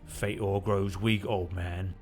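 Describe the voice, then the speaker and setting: A man's voice: low voice, flat delivery, takes it slowly, a little mellow, faint music behind. A man putting on a mock Nordic accent and a raised voice to play a defiant viking warlord. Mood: menacing.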